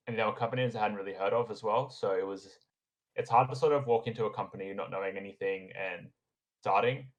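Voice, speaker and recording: A young man with a fairly low voice talks casually as a podcast guest. He rambles, fills pauses and restarts his sentences in an easygoing, unscripted way. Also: muffled recording. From Australia. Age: young adult. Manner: relaxed and rambling, with frequent fillers and restarts. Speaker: podcast guest, engineering graduate. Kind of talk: casual conversation.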